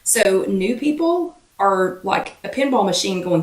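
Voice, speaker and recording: A woman with a Southern US accent hosts a live chat, talking fast and greeting viewers by name, her voice still slightly irritated. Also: medium pitch, lively intonation, roomy sound, recorded from a distance. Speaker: host of a live weight-loss chat.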